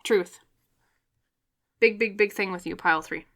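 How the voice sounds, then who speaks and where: A woman giving a pick-a-card tarot reading, chatty and excitable, talking straight to her viewers. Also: mid-range voice, unhurried. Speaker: tarot reader.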